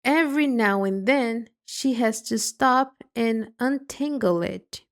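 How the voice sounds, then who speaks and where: A woman reading a storybook aloud for English learners in a clear, deliberate way. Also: on the high side. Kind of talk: slow read-aloud storybook narration.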